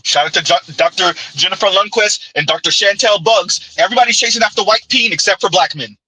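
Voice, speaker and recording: A man's voice: sits high, fairly quick, pushed and bright, husky, no room sound, rough recording. A man, hosting a sarcastic, heated commentary rant. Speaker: commentary channel host.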